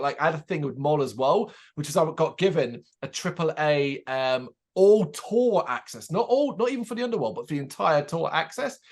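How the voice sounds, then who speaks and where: A man talks at a quick clip in a fairly high voice as he co-hosts a casual chat. He tells his story with energy, acting out the people in it and swearing freely along the way. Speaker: podcast co-host.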